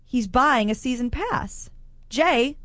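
A woman co-hosting a radio show, telling stories in animated, blunt and crude casual banter. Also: high voice, slow, no room sound. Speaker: radio co-host. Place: radio broadcast from a shopping promenade.

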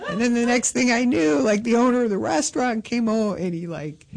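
A woman's voice: fairly high pitch, lively intonation, a little fast, creaky, darkish tone. A woman guest comedian chatting casually, telling a self-deprecating story with lots of fillers and restarts.

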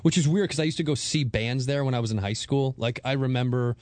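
A man in his thirties tells a story on a talk show, racing through it with excitement and jumping into the voices of the people in it. His voice is mid-pitched and recorded close and dry, with no room sound. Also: dry recording. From Chicago. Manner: fast, excitable storytelling with acted-out quotes. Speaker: comedian guest.

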